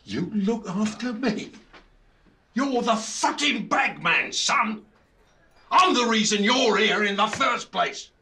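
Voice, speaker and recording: An actor playing a resentful aging crook, swearing forcefully. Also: male voice, sits high, lively intonation, slow pace, slight background noise, exaggerated voice. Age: older. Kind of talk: film acting.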